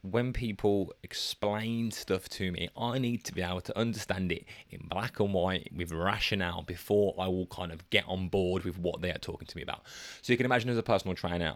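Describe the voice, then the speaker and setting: Deep-voiced man hosting solo. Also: a little fast, no room sound. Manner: casual, chatty, self-deprecating, sometimes reading from notes. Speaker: podcast host and personal trainer. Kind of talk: solo podcast monologue.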